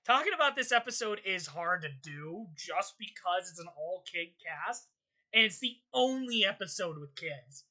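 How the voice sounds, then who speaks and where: A young woman hosting her channel, ranting in casual commentary, exasperated and swearing, her voice jumping high in outbursts. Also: expressive, normal speed, bright, forceful tone. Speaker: channel host.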